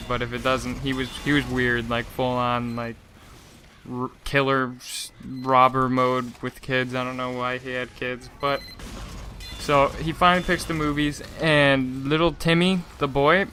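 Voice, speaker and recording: A young man tells a long, meandering story in a loose, chatty way, stumbling and restarting often. His voice has a bright, forward edge. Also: mid-range voice, level tone, moderate pace, slight background noise. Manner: rambling, lots of "like" and restarts, laughing asides. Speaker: gaming channel host. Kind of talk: casual storytelling rant.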